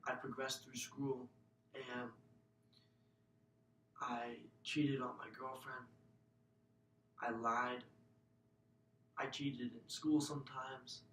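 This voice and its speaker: Young guy telling his own story, earnest and emotional, kinda hushed at times, echoey room and mic far away. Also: mid-range voice, little pitch movement, drawn-out words, pauses often, slight background noise. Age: young adult. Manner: earnest and emotional, often sinking to a hushed, breathy voice. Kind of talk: personal testimony speech.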